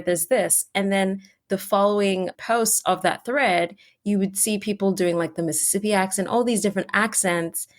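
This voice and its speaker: A woman hosting a podcast interview, chatting casually with many "like" fillers and speeding up when excited. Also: on the low side. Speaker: podcast host.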